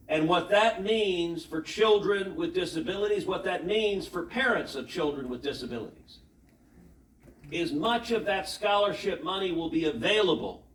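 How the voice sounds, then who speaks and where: A man, a senator, giving an emphatic public keynote speech with rhetorical questions and anecdotes, heard in a large hall. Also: sits high. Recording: echoey hall, voice from far off, faint noise.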